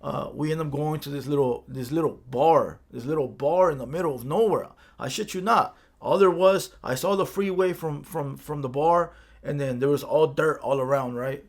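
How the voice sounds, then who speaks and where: At a moderate pace and a little high in pitch, a Los Angeles County man tells a street story. He's casual and profane, and he keeps checking in with "right?"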